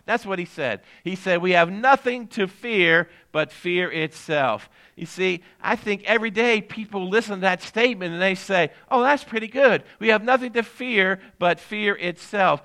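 Bright-voiced older man preaching. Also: sits high. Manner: conversational preaching that repeats key phrases and questions the congregation. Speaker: pastor. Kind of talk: sermon.

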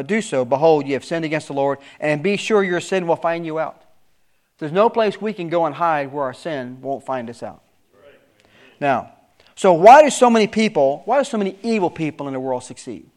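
A middle-aged man preaching a sermon with emphatic rises and sudden soft asides. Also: a little high.

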